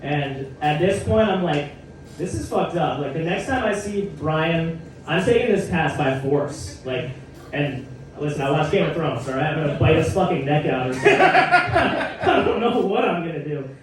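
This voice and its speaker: A man's voice: on the high side, sing-song, normal speed, slight background noise. A male stand-up comedian telling a story in a conversational way with wry asides, on a comedy club stage. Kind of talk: stand-up set. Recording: echoey live room, heard from a distance.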